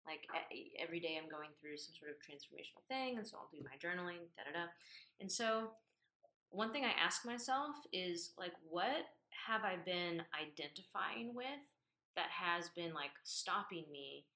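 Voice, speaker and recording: A woman with a lowish, bright voice talks in a roomy, echoing space. She is thoughtful and reflective, leaning on fillers and slowing down to weigh her words. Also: animated. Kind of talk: casual reflective conversation.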